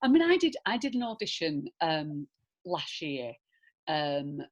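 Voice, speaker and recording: A woman's voice: low-pitched, unhurried. A woman with a rounded, slightly old-fashioned Lancashire accent, chatting casually as an actress guest in a Q&A, full of fillers and asides. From northern England. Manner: chatty, animated, many fillers and "do you know what I mean". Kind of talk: casual conversational Q&A.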